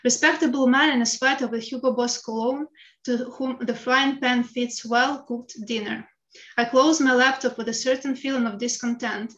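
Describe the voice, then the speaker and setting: A woman's voice: a little high, a bit bright, muffled recording. A woman with a Ukrainian accent reads her own personal essay aloud in a frank, wry way, swearing bluntly. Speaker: writer reading her own piece.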